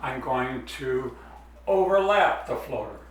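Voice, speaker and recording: A man's voice: mid-range voice, lively intonation, recorded from a distance, slight background noise. Man teaching drawing in an echoey room. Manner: unhurried, explains step by step while drawing. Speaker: art teacher. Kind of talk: drawing demonstration.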